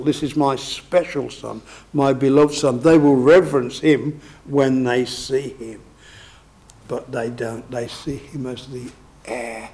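A man preaches a sermon, working through the scripture verse by verse. His mid-pitched voice has a gravelly, creaky edge. He talks in a conversational, explaining way and keeps checking in with his listeners through tag questions. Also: darkish tone.

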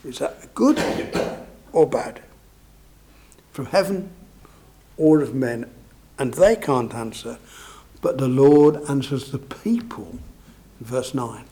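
A man preaches a sermon, working through the scripture verse by verse. His mid-pitched voice has a gravelly, creaky edge. He talks in a conversational, explaining way and keeps checking in with his listeners through tag questions. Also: slow, pauses often, warm tone.

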